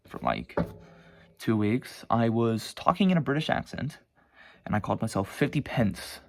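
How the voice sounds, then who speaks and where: A man's voice: fairly low pitch, very animated, unhurried, gravelly, pauses often, slight background noise. A teenage boy casually rambling about his own sketchbooks at home, swearing and mocking himself. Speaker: vlogger showing his sketchbooks. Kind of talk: casual chat.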